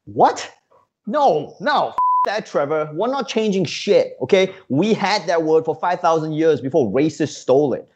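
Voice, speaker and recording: A man's voice: fairly high pitch, expressive, moderate pace, husky, highs cut off. Indignant ranting comedy correspondent, man. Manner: indignant, ranting, heavy with uh fillers. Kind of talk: scripted comedic banter.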